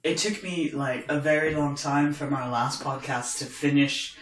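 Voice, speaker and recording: A man with a posh London accent carrying northern tweaks co-hosts a podcast from home, chatting wryly and joking over wine. His mid-range voice is a bit bright, with fairly even intonation and a moderate pace. The recording has a roomy echo.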